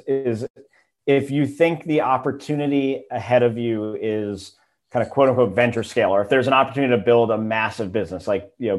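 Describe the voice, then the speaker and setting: A man guesting on a business podcast as an investor, talking in a relaxed way with many fillers. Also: mid-range voice. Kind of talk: casual interview.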